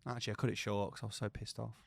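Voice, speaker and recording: A man's voice: fairly low pitch, very fast, creaky, no room sound, clean studio sound. A young man co-hosting a podcast, telling stories in casual chat and swearing a lot. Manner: swears a lot, animated storytelling. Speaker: podcast co-host.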